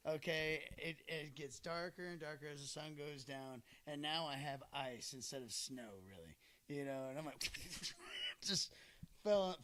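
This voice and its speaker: A man in his thirties chats on a podcast, rambling through a story with plenty of fillers and bursts of laughter. His voice sits a little higher than most men's. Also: a bit bright. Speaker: podcast host. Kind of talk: casual storytelling chat.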